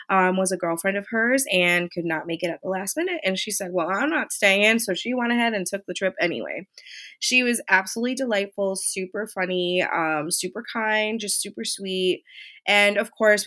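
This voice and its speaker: A woman vlogger casually recounting a cruise trip, chatty and animated, acting out the people she met. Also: medium pitch. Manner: chatty, animated retelling with quoted voices. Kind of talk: casual storytelling.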